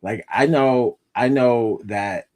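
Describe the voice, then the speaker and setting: A man co-hosting a casual podcast chat, animated and opinionated, laughing often and slipping into mocking voices. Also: medium pitch, slow pace. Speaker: podcast co-host.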